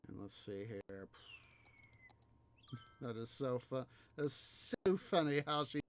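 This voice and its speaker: A man's voice: mid-range voice, lively intonation, slow, slight background noise. A man hosting a city-building game video, musing aloud in rambling casual commentary full of fillers. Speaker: let's play host.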